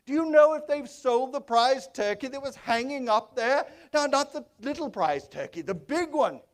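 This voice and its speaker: A stage performer in a one-man show plays an older, reformed miser, a giddy, warm-hearted man who is overjoyed. Speaking at normal speed, he chuckles exuberantly, then drops into low, hushed tones to narrate his story.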